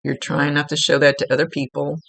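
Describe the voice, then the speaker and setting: A woman's voice: low-pitched, level tone, a little fast, creaky, a bit bright, dry recording. A woman working as a psychic medium, giving an informal, rambling one-on-one reading from her chair at home. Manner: informal, rambling, with many fillers and restarts. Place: at home, seated.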